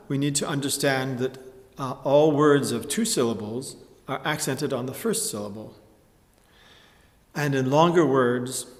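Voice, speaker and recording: Slow-talking man teaching in a reverberant hall. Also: medium pitch. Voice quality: measured, precise explanatory delivery. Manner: pauses with "uh" and clears his throat often. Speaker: music instructor. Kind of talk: lecture tutorial with sung examples.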